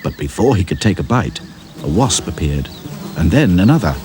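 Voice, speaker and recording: Lively man reading a storybook. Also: deep voice, moderate pace, noisy background. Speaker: narrator.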